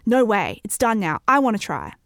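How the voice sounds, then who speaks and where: A woman's voice: mid-range voice, huge pitch swings, normal speed, creaky, dry recording, studio quality. A woman voicing a mischievous ten-year-old girl, the narrator's best friend, gleeful and daring in a spoken story.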